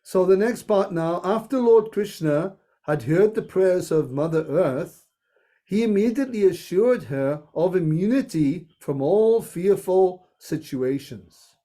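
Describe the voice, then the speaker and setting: A man leading a group reading of a scripture story, telling it slowly with playful asides. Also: high voice, animated, warm tone.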